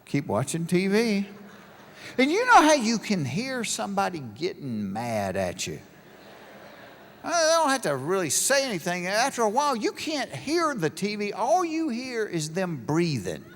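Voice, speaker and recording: A man's voice: high voice, wildly swooping pitch, unhurried, slight background noise. A middle-aged man doing stand-up comedy, telling stories and acting out both sides of conversations. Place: large live venue with an audience. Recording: live show with hall reverb.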